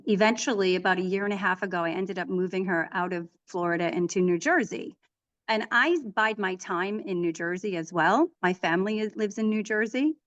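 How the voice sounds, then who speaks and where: A woman's voice: medium pitch, highs cut off. Chatty middle-aged woman telling stories. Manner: chatty, animated storytelling with frequent restarts. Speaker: author and equine therapist, guest. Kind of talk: casual interview conversation.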